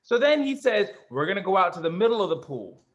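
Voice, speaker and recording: Animated high-voiced man telling a story. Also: fast talker. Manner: animated storyteller, swearing, acts out other voices. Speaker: co-host. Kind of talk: casual storytelling chat.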